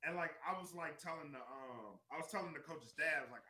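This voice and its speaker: A man co-hosting a podcast, telling a story in casual chat with animated delivery and heavy swearing. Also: on the high side, brisk, roomy sound, crowd noise. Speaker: podcast co-host.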